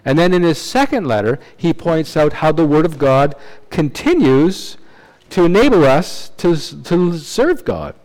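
A man with a somewhat high-pitched voice delivers a sermon as a preacher. He teaches conversationally, tossing in tag questions and repeating words as he restarts his phrases. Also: expressive, measured pace, a little mellow, rough recording. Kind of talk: expository sermon.

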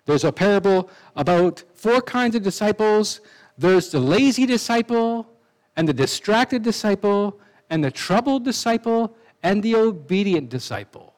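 Lively conversational male preacher. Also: high-pitched, unhurried, rough recording. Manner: conversational, with asides and restarts. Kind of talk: sermon.

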